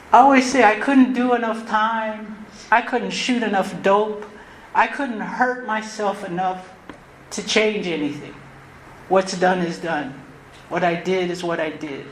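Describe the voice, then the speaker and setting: A woman giving a personal recovery talk as closing speaker at a convention, earnest and reflective, often repeating phrases and restarting her sentences. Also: medium pitch. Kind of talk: personal recovery share, spoken from the podium. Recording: roomy live talk recording with faint noise.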